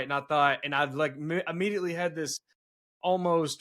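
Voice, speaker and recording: Bright, earnest man podcasting. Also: a little high, steady tone, a little fast. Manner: earnest storytelling with many restarts. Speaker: podcast host. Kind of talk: casual conversation.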